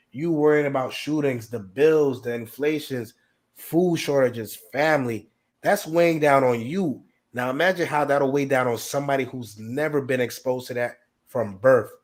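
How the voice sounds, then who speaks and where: A man in a casual discussion, talking in a measured, reflective way with some emphatic moments. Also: medium pitch.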